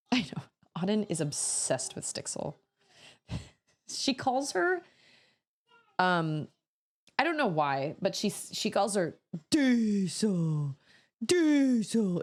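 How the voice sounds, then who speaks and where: A woman's voice: fairly low pitch, sing-song, measured pace, long pauses. A woman in her thirties chatting casually as a streamer, laughing often and breaking into sudden exclamations. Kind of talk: casual chat while building.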